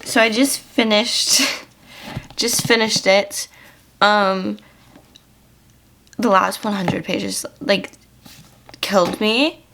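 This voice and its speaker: Young woman, casual book chat, filler-heavy, fry in the voice. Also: mid-range voice, fairly even intonation, extremely slow, long pauses, a bit bright, a little hiss or hum. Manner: chatty, filler-heavy, gushing. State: tearful at times. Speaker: book vlogger. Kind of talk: casual reading vlog chat.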